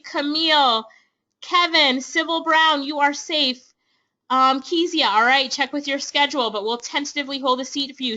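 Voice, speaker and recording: A woman with a Jamaican accent hosts a webinar, pitching her class in an excited, persuasive way. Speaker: online business trainer hosting a webinar. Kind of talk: upbeat sales pitch to webinar attendees. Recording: dull lo-fi webinar audio.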